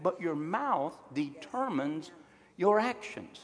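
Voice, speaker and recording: Lively preaching man in a reverberant hall. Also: a little high, unhurried. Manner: emphatic preaching with call-and-response. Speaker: pastor. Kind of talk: sermon.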